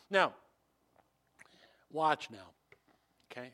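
A man preaching a sermon, telling stories with animated swings from hushed to loud and frequent restarts. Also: fairly high pitch, measured pace. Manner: repeats and restarts phrases. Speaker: pastor.

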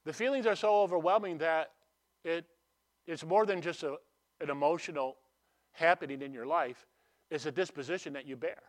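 Guy preaching a sermon, kinda high voice, chatty, asks the room questions, gets loud then real quiet. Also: moderate pace, long pauses. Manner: conversational preaching with rhetorical questions; swings between emphatic and hushed.

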